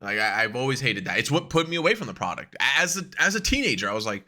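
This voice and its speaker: A man's voice: medium pitch, very animated, quick pace, hardly any pauses, bright, forceful tone. A young man co-hosting a podcast, ranting in casual chat, swearing often and laughing a lot. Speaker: podcast co-host.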